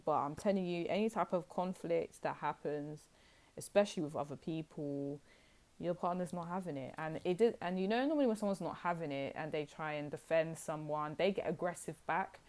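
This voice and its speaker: Low-voiced young woman reading tarot. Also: brisk, a little mellow. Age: young adult. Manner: chatty, rambling, addresses viewers as guys. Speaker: tarot reader. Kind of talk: casual tarot reading to camera.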